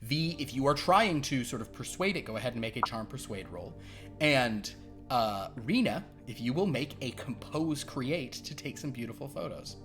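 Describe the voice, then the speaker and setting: A man running a tabletop game as game master, rambling and halting with many fillers. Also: medium pitch, animated, over music.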